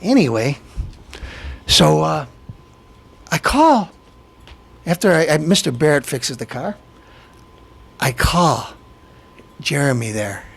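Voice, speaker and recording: A man in middle age hosts his show and vents about a grievance. His rant rambles and restarts, getting more indignant as it goes. His voice sits high and leaps about in pitch. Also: sing-song, takes it slowly, gravelly, pauses often, a bit bright, slightly rough. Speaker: show host. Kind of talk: ranting monologue.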